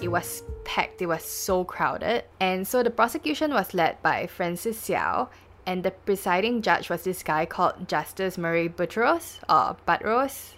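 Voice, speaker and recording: A woman's voice: on the low side, lively intonation, normal speed, a bit bright, faint music behind. A Singaporean woman hosting a casual true-crime podcast, chatty and full of fillers. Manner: chatty, lots of likes and lah. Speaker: podcast host.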